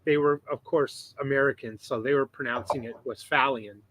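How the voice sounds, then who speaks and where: A man's voice: mid-range voice, steady tone, fairly quick, a bit bright, slight background noise. A man co-hosting a podcast, explaining things in chatty casual talk. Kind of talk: casual chat.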